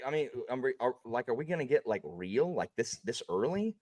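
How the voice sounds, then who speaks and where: A man who is a teacher, chatting energetically as a podcast guest, joking and animated. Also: medium pitch, brisk, dry recording. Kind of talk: casual podcast chat.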